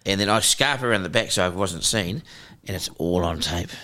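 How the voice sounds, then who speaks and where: Deep-voiced New Zealand man telling stories. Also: moderate pace. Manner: animated, laughing, acts out quotes. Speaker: guest broadcaster. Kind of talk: casual podcast storytelling.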